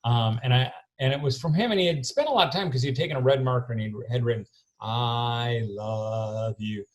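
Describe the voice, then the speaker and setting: A middle-aged man telling a story in a keynote talk, recorded alone in his barn, acting out his own quotes loudly. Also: medium pitch, lively intonation, racing. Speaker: homeschool speaker. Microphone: self-recorded camera.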